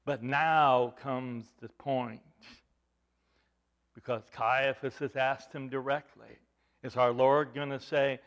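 A man preaching a sermon, telling the story dramatically with rhetorical questions, swinging from loud emphasis to hushed tones. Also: mid-range voice, steady tone, slow pace, highs cut off.

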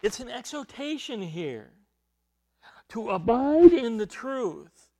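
A man preaching an expository sermon, emphatic and repeating himself, dropping at times to a hushed near-whisper. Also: extremely high pitch, very animated, slow. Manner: repeats and restarts words while reaching for a point.

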